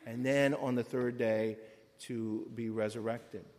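A man, a priest, reading scripture and preaching a sermon with a solemn, measured cadence. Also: mid-range voice, fairly even intonation, a little mellow. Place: church. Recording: long church reverb.

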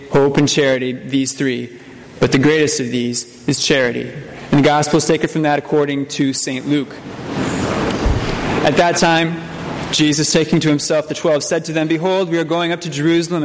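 A man as a priest reading the epistle and gospel, then preaching, in a measured, solemn manner with small slips. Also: on the high side. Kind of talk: scripture reading and sermon. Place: church. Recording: long church reverb, faint room noise.

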